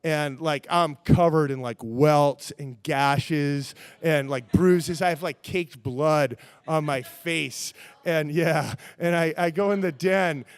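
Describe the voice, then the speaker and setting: A man telling a true-life story on stage in a rambling, animated way, full of fillers. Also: a little high, slow pace, clean tone, no room sound.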